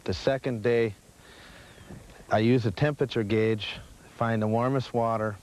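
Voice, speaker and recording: A man's voice: medium pitch, fairly even intonation, unhurried, darkish tone. A man explaining fishing patterns from a boat in a plain, matter-of-fact way. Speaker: local fishing guide. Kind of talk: casual on-the-water fishing chat. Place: outdoors on a boat on a lake. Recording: 1980s VHS field audio with light noise.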